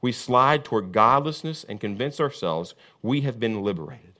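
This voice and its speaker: A man preaching a sermon as pastor, with an impassioned, repetitive cadence that swings from booming emphasis to hushed intensity. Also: lively intonation, normal speed.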